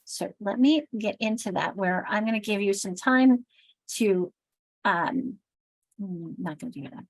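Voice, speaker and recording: An American woman runs a teacher training session, pronouncing everything with crisp, deliberate care. She shows sounds off aloud with lively emphasis. Her voice is close and dry, with no room around it. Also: mid-range voice, no room sound, rough recording. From United States. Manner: enunciates very carefully and crisply. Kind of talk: workshop presentation.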